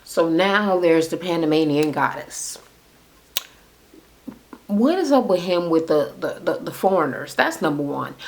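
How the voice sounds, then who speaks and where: A woman's voice: low voice, lively intonation, measured pace. A woman recapping a reality show in casual, profane chatter, blunt and sarcastic as she talks to camera. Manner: blunt and sarcastic, with frequent swearing.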